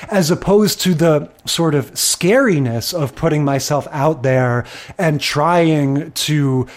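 A man's voice: on the high side, takes it slowly. A man co-hosting a podcast, chatting casually about sitcoms in a reflective, candid way. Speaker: podcast co-host.

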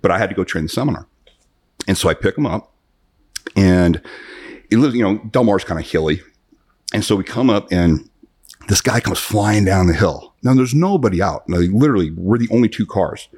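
A man in his fifties, a guest in a podcast interview, telling long animated anecdotes with many restarts. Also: low voice, normal speed, long pauses, breathy edge. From United States. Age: 50s. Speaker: guest, self-defense author.

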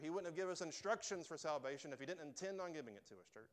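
A man preaching a sermon to a church, emphatic and emotional, rising to loud pleas and dropping to soft, quiet lines. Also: fairly high pitch, animated, rapid-fire, hardly any pauses. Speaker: pastor. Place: church sanctuary.

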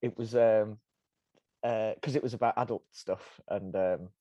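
A man's voice: fairly low pitch, steady tone, a little slow, dark tone, dry recording. A man hosting a podcast, chatting casually, laughing often and tripping over his restarts. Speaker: podcast host.

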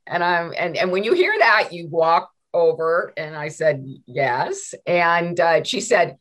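A middle-aged woman, a law professor, telling stories in a conversational interview, animated and full of restarts. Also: lowish voice, slow, few pauses. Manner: animated, many restarts and repeated words.

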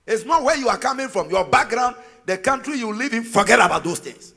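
A man preaching a sermon as pastor, emphatic and sing-song, rising to shouted peaks. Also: very high voice, animated, brisk, gravelly. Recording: long reverb of a large hall.

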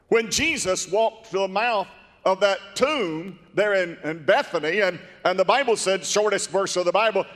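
A man with a high-pitched voice delivers a fervent, storytelling sermon that swells into emphatic shouts. His voice rings out with long reverb through a large church sanctuary. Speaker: preacher.

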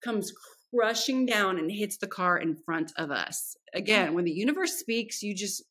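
A woman's voice: medium pitch, normal speed. A woman guest on a podcast telling a personal story frankly and with energy, acting out what people said and swearing casually. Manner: frank and animated, acts out quoted dialogue, swears casually.

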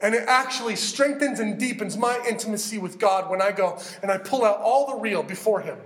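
A man preaching a sermon, animated and conversational, acting out heartfelt prayers as he teaches. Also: high-pitched, fairly quick, reverberant. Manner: animated, acts out prayers in character. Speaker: pastor.

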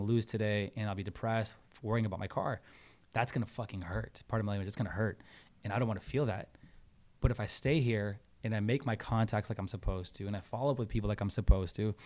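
A man in his thirties telling a personal story in a casual interview, animated, acting out quotes and swearing freely. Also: on the low side. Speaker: podcast guest.

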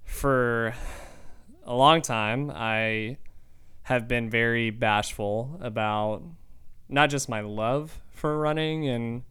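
A young man hosting his own podcast, talking in an earnest, reflective and measured way. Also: medium pitch, a bit bright, smooth. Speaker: podcast host. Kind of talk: casual monologue.

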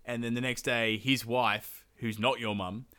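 A man's voice: fairly even intonation, measured pace, pushed and bright, clear, resonant tone. A man, casually retelling an old epic as a podcast host, swearing and laughing. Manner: sweary, laughing, bursts into high silly character voices. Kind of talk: casual comedic storytelling.

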